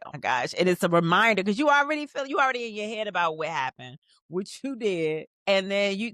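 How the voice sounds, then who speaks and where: A woman with a lowish voice recaps a TV episode in casual chat, her pitch swinging widely as she plays out the scenes. She often leaps into high, excited bursts. The sound is dry and close, with no room around it. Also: dry recording. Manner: animated, acts out scenes in quoted voices. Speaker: rewatch podcast host.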